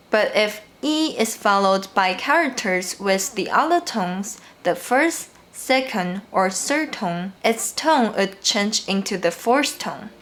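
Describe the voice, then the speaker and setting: Slow, deliberate woman teaching tones. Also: mid-range voice, a bit bright. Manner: deliberate, pronounces example words slowly and repeats them. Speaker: Mandarin teacher. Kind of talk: slow, clear language lesson narration.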